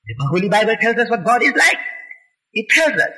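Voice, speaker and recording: A man's voice: high voice, sing-song, brisk, sharp tone, low-quality recording. A man giving an impassioned religious lecture, emphatic and rhetorical, pressing his listeners with questions.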